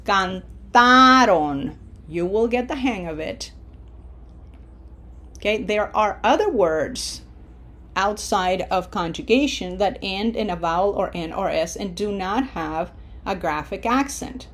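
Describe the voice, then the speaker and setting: A woman's voice: medium pitch, expressive. Patient woman teaching a language lesson. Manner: patient, checks in with frequent "okay?"; slows and stresses example words when modeling pronunciation. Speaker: Spanish teacher. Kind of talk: recorded online lesson.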